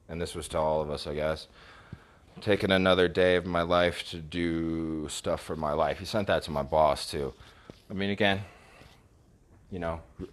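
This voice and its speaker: A man ranting casually about text messages he received, swearing heavily and scornfully, often stumbling and restarting his sentences. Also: sits low. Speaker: vlogger recounting text messages. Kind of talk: casual storytime rant.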